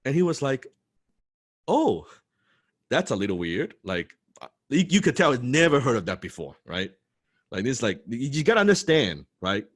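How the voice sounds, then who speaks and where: A man telling a personal story to an audience, excitable and swearing freely, full of restarts and "right?" tags. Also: mid-range voice, brisk, no echo, studio quality. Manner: restarts and repeats words often. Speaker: motivational speaker telling his story. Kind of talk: animated storytelling talk.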